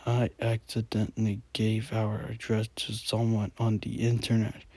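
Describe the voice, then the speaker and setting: A man's voice: lowish voice, completely flat delivery, measured pace, a little mellow, no room sound. A man whispering the lines of a nervous, guilty young boy in a whispered role-play.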